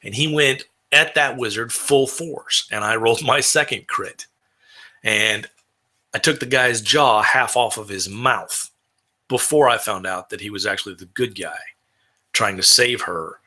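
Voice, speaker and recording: A man's voice: on the low side, a little slow, bright, forceful tone. A man from Texas talking casually about building roleplaying characters, rambling with frequent restarts. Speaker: tabletop roleplayer.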